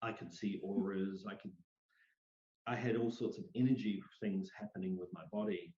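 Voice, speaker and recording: A middle-aged man, an interview guest, telling personal stories in an animated way and acting out the voices he quotes. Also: fairly low pitch, moderate pace. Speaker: interview guest, psychic medium. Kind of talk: storytelling in a conversational interview. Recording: roomy, dull lo-fi sound.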